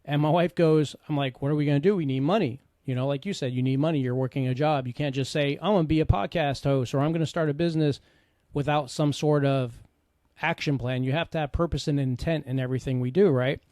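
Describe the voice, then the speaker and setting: A middle-aged man with a fairly high voice shares his life story in an earnest, conversational way, dropping in frequent asides. He speaks as a podcast host and coach. The sound is dry and close, with no room around it. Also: steady tone, quick pace, a little mellow, dry recording. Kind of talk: candid personal storytelling.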